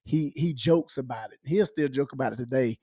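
A man's voice: mid-range voice, fairly quick, dark tone, dry recording, clean studio sound. A man who is a comedian and former officer, talking in a laid-back, joking way as a podcast guest. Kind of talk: casual podcast chat.

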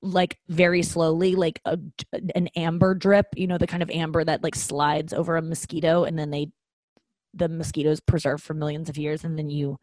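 A woman's voice: low-pitched, level tone, normal speed, darkish tone, no echo. A woman in her thirties, a comedian hosting her own show, talking candidly and self-deprecatingly with swearing and frequent ums. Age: 30s. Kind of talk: casual comedic monologue.

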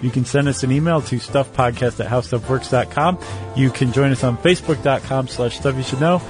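A man's voice: medium pitch, brisk, over music. A man co-hosting a podcast in casual chat, laid-back with wry quips. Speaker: podcast co-host.

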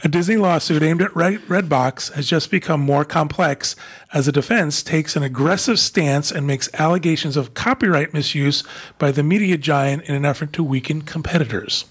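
A man's voice: fairly high pitch, normal speed, fairly bright tone, slightly rough. A man co-hosting a podcast, reading news items aloud in a put-on announcer voice.

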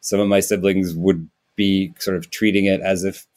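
Wry, self-mocking man, low voice. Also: little pitch movement, moderate pace, a little mellow. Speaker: comedian guest. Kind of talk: casual podcast chat.

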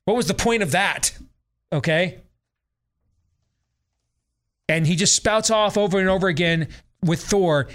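A man's voice: sits high, measured pace, pauses often, fairly bright tone. A middle-aged man hosting a talk show, giving a sarcastic, exasperated and emphatic rant about a film. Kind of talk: opinionated movie-review rant.

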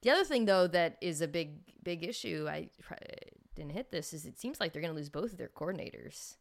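Low gravelly woman host chatting football, lots of um and like. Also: lively intonation, a little fast. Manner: chatty, thinks aloud with fillers and restarts. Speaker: podcast host. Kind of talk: casual sports talk.

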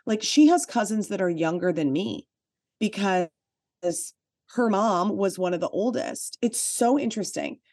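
A woman's voice: mid-range voice, lively intonation, unhurried, a little mellow, dry recording, studio quality. A woman co-hosting a podcast, telling a personal story in casual chat, with chatty "like" fillers and emphatic asides. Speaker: podcast co-host.

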